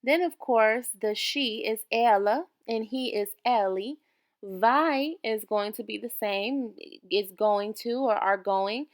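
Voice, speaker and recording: A woman teaching an online beginner language lesson, patiently repeating each word slowly for the learners. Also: fairly high pitch. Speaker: language tutor.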